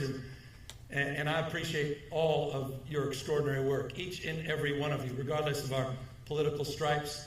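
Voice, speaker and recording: A middle-aged man giving a formal speech at a podium, leaning on emphatic repetition and a measured rhetorical delivery. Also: fairly high pitch, fairly bright tone, a little hiss or hum. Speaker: governor giving an award speech. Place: large hall, speaking at a podium. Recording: echoey hall, mic at a distance.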